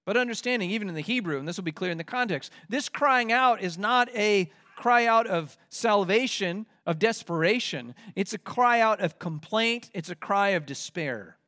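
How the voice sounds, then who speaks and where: Guy preaching, pretty high voice, gets loud and dramatic acting out complaints. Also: animated, moderate pace, few pauses. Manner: expository preaching with acted-out complaints and rising emphasis. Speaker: pastor. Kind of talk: sermon.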